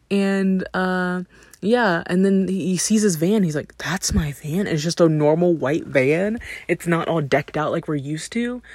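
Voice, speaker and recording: A woman recapping a cartoon in casual chat, rambling and acting out characters' lines in a higher voice. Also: dark tone, no room sound. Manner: rambling, acts out characters' lines with pitch jumps. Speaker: podcast host recapping a cartoon.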